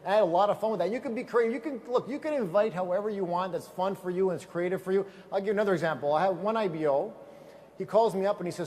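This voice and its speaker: A man giving a motivational seminar talk to a live audience, telling lively stories and asking the room questions. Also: sits high, racing, slight background noise. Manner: energetic storyteller, asks the audience questions. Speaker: business trainer.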